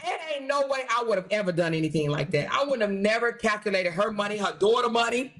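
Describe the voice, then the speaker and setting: A woman's voice: medium pitch, lively intonation, fast. A woman hosting her own channel, talking in a casual rant that is blunt, profane and mocking and repeats phrases for emphasis. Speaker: channel host.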